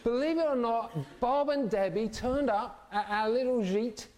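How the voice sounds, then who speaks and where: A man's voice: extremely high pitch, moderate pace, a little mellow. A middle-aged man preaching a sermon, telling stories animatedly and acting out the voices of the people in them.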